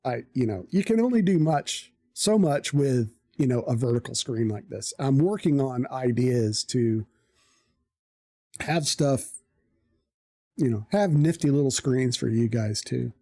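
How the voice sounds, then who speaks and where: A live streamer telling a story in a casual, animated way, swearing freely. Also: medium pitch, unhurried, no echo, studio quality.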